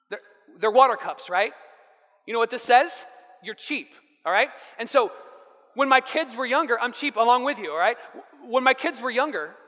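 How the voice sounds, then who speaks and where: A man's voice: very high-pitched, a bit bright. A man in his thirties preaching a sermon, telling family stories and acting out the dialogue. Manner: storytelling with acted-out dialogue. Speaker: pastor. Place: church sanctuary. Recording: echoey hall reverb.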